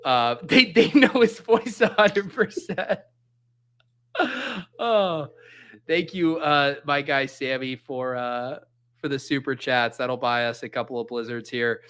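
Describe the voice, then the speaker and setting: A man hosting a casual livestream chat, excitable and laughing often. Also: mid-range voice, slow pace. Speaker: host.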